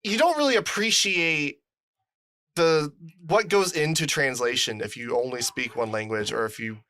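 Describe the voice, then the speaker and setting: A man's voice: fairly high pitch, normal speed, bright, forceful tone. A man co-hosting a podcast, talking loosely with heavy filler words and casual swearing. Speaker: podcast co-host. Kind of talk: casual chat.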